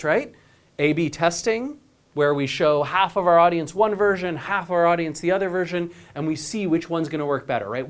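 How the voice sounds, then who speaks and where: A man speaking on stage at a conference in an energetic presenting style. He often turns to the audience with "right?" and repeats his words as he restarts a thought. He sounds like a company chief explaining an idea to a crowd. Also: fairly high pitch. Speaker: company CEO giving a conference talk.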